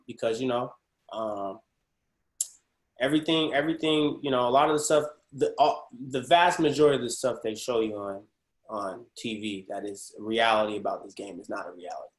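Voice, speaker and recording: A man from the Pacific Northwest of the US, an actor speaking as a guest in a casual webinar interview, animated and slangy. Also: medium pitch, normal speed. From Portland, Oregon, USA. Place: video call. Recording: roomy echo.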